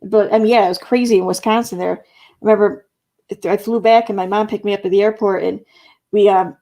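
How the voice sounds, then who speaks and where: A middle-aged woman speaks as she hosts a relaxed live stream. She reads viewer comments aloud and chats about them, laughing often. Her voice has a gravelly fry at a middling pitch. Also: fairly quick. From Central New York. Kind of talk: casual live stream chat reading comments.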